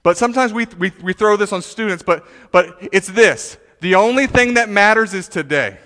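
Animated preacher with a bright high voice. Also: male voice, normal speed. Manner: animated, emphatic preaching with repetitions and restarts. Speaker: pastor. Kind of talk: sermon. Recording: reverberant hall.

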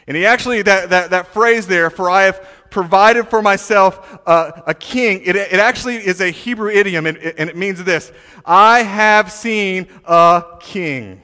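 Animated preacher with a bright high voice. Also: male voice, a little slow. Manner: animated, emphatic preaching with repetitions and restarts. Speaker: pastor. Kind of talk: sermon. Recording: reverberant hall.

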